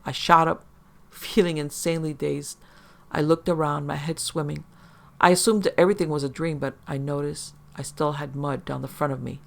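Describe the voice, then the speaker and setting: Gravelly man reading a horror story. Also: on the high side, fairly even intonation, normal speed, a bit bright. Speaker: narrator.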